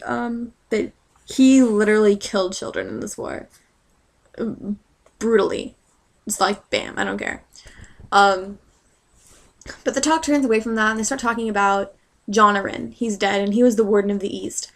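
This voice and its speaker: A woman's voice: medium pitch, moderate pace. A young woman casually recapping a book chapter in a rambling, sarcastic way, full of fillers and side jokes. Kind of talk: casual chat.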